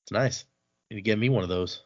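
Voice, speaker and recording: A man co-hosting a casual book podcast, animated and quick to laugh. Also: fairly low pitch, highs cut off. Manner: animated, laughs easily, acts out quotes. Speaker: podcast co-host. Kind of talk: casual book discussion, reading aloud.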